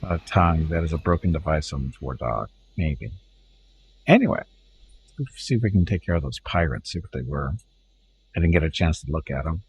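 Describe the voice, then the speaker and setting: A man with a Canadian accent giving relaxed, rambling commentary while streaming a game live and talking to his chat. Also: very deep voice, brisk, vocal fry, slight background noise. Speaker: gaming streamer. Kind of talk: casual live gameplay commentary.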